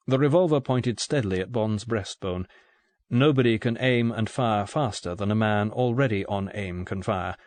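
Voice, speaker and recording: A man narrating an audiobook in a steady, even reading voice. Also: fairly low pitch, moderate pace, no room sound. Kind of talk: scripted narration.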